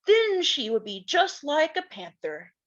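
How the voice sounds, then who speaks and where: A woman voicing a warm, playful pioneer father who tells his daughters stories by the fire, speaking in a gently teasing, fond way. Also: very high voice, huge pitch swings, a little slow, muffled recording, full character voice. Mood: storytelling.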